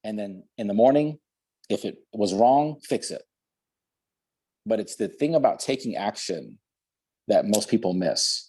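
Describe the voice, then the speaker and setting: A man giving an energetic motivational talk over a video call, driving his points home through repetition. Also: lowish voice, measured pace, pauses often, husky. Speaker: guest speaker.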